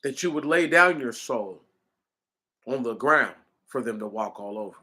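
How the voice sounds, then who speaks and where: A man's voice: medium pitch, animated, moderate pace, sharp tone. A man delivering an impassioned commentary, hammering his points with repeated rhetorical questions in a preaching cadence.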